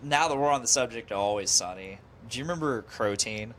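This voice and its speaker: A man hosting a podcast in casual chat, excitable, swearing often and laughing a lot. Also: medium pitch, brisk, a little hiss or hum. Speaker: podcast host.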